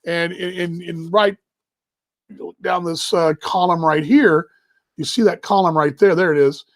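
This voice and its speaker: A man with a high, dry voice hosts a casual baseball live stream. He rambles warmly, restarts his sentences and gets emotional. His voice sits right on a close microphone with no room sound. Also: a little slow, no echo. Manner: rambling, emotional, talks while handling gear. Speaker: baseball broadcaster hosting a live show.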